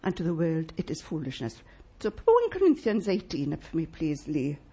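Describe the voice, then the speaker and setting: Woman pastor, husky, lively, emphatic sermon delivery with rhetorical questions. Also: low voice, moderate pace. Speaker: preacher. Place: church.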